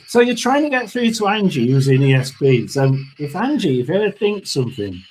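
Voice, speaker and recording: A middle-aged man doing a casual tarot and spirit box reading, rambling and halting with frequent ums and throat clearing. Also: a little high, sing-song, darkish tone, faint music behind.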